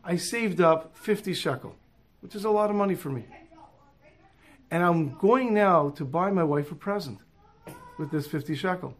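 A man's voice: high voice, moderate pace, pauses often. A man voicing a humble, poor passenger earnestly explaining a kind deed. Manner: earnest, modest. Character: humble, poor religious man, newly observant.

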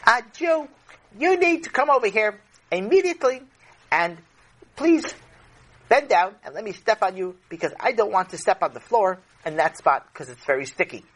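A man's voice: high voice, lively intonation, normal speed, fairly bright tone, voice pushed up. A man voicing a bossy, whiny nine-year-old girl in a children's audio story. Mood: bratty. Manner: whiny, demanding.

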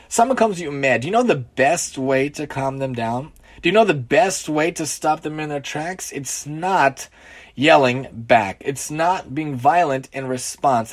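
Earnest male storyteller teaching a lesson. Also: on the high side. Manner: earnest, repetitive, emphatic. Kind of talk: spoken moral lesson with storytelling.

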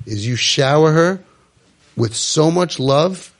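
An emotional man gives an impassioned talk to parents, acting out the voices of parents and children and dropping to soft, low tones. He speaks slowly, in an animated, gravelly voice.

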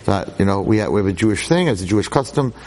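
A man giving a storytelling talk, animated and acting out voices, sprinkling in Yiddish and Hebrew words. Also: lowish voice, fast talker. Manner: peppers his speech with Yiddish and Hebrew words. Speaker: lecturer.

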